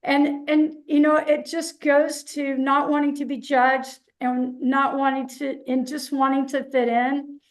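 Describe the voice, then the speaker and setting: A woman's voice: high voice, flat delivery, measured pace, hardly any pauses, rough recording. A woman on a panel telling a personal story in a candid, conversational way. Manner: candid, conversational, repetitive restarts.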